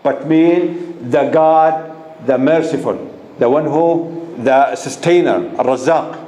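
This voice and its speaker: Slow-talking man teaching a class. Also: on the high side, dark tone. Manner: asks the class questions and repeats key terms. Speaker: instructor. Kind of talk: classroom lecture. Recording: echoey room with faint noise.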